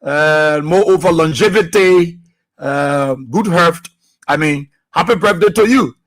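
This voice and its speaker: A man hosting a live radio show, reading out listeners' names and places in an unhurried way with many pauses. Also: fairly high pitch, a bit bright. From Liberia. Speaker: radio host.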